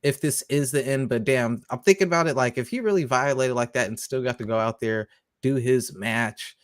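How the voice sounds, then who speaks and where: A man co-hosting a podcast, talking wrestling in an animated, profane, emphatic way. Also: mid-range voice, a little fast, dry recording, studio quality. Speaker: podcast co-host. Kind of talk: casual wrestling chat.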